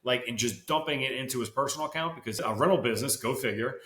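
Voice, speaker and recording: A man guesting on a podcast, telling his business story in a casual, excitable way with salty slang and lots of fillers. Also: medium pitch, fast talker. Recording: roomy echo.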